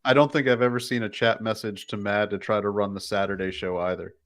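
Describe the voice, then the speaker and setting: A man's voice: on the low side, fairly even intonation, fast, a bit bright. A man co-hosting a podcast, making dry, wry asides in casual banter. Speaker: podcast co-host. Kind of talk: casual banter among friends.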